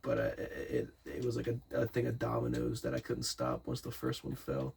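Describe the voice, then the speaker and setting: A young man in casual chat, telling a party story in a rambling, profane, animated way, full of restarts and quoted dialogue. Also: mid-range voice, fairly quick, gravelly, a little hiss or hum.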